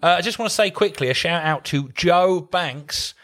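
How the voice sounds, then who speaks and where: A man's voice: sits high, normal speed, fairly bright tone. A man, co-hosting a casual podcast chat and ranting with plenty of swearing. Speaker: podcast co-host.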